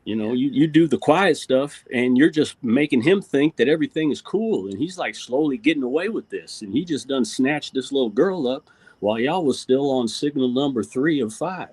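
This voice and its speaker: A man with a slightly husky voice makes his points bluntly in slangy talk. The sound is dry and close. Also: medium pitch, expressive, moderate pace, a little mellow, no echo. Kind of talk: casual discussion.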